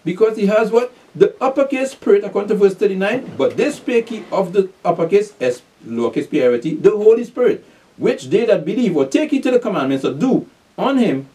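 Preacher man, animated, far from the mic. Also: sits high. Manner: repeats "pay attention", asks and answers his own questions; reads scripture aloud, then explains it in street slang. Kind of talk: sermon teaching.

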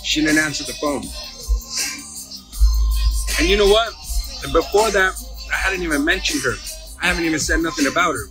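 A man delivering a profane, insulting livestream rant in fast bursts. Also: a little high, over music.

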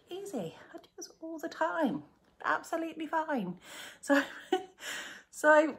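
A woman's voice: lowish voice, fairly bright tone. A woman, a cross-stitch vlogger chatting casually to camera in a rambling, self-mocking way.

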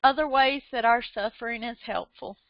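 A woman's voice: on the high side, moderate pace, no room sound. A woman preaching a fervent, emotional sermon online, repeating phrases and laughing through tears. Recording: dull lo-fi sound.

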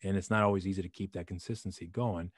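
Low-voiced male host, rapid earnest talk with repeated restarts, dry close sound. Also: fairly even intonation, husky, no room sound. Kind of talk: casual interview.

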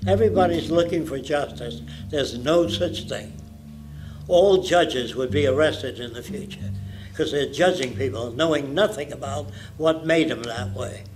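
A man's voice: a little high, unhurried, over music, poor audio. A man in his nineties giving a public lecture in a blunt, provocative way. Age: 90s.

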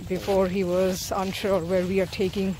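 A woman's voice: medium pitch, flat delivery, normal speed. A woman vlogging while dog-sitting, talking to the dog in a coaxing, playful way. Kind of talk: casual vlog talk. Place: outdoors with a dog, near a dog park. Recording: noisy outdoor camera audio.

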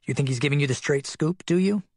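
A man voices a skeptical middle-aged doctor who answers with dry, cutting sarcasm. The voice sits a little higher than a plain narration. It is husky and close. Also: fast, no room sound. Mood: sardonic. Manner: sardonic, cutting.

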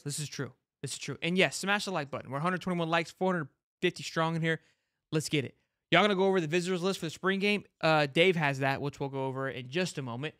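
Podcast host, male, fairly high voice, brash hype-man delivery full of restarts, dry close mic. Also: quick pace, fairly bright tone, no echo. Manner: brash hype talk, swears, lots of "like" and restarts. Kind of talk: fired-up fan commentary, casual chat.

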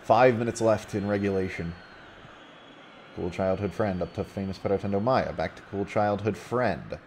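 A man casually commentating a video game football match play by play, getting loud when a goal goes in. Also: on the low side, unhurried, a little hiss or hum. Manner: casual, rising excitedly on goals.

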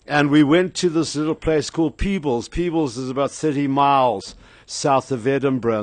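A man's voice: medium pitch, dry recording. Older South African man, rambling radio host. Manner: rambling, anecdotal, frequent fillers. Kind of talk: casual radio chat and storytelling. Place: radio studio.

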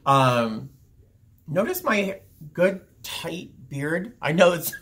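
A man's voice: on the high side, sing-song, very slow, fairly bright tone. A young man telling a personal story to his camera in a rambling, casual way, full of fillers and restarts. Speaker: vlogger. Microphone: camera viewfinder, talking to camera.

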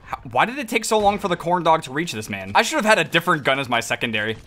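A gaming video creator giving live gameplay commentary, excitable, swearing and laughing often. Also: medium pitch, racing, soft background music.

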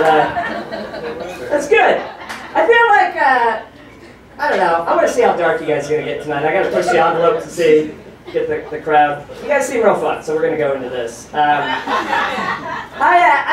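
Male stand-up host with a high voice, animated and profane; distant, echoey club recording with a faint hum. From United States. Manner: animated, profane, shouts punchlines. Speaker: stand-up comedian hosting a show. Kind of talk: stand-up comedy set. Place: comedy club stage. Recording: very echoey club audio, from far off.

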